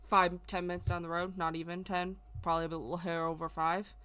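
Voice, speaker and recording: A woman's voice: lowish voice, little pitch movement, a little fast, fairly bright tone, smooth. Emotional rambling storyteller woman. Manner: emotional, rambling, repeats words. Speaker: spiritual vlogger. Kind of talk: casual personal storytelling.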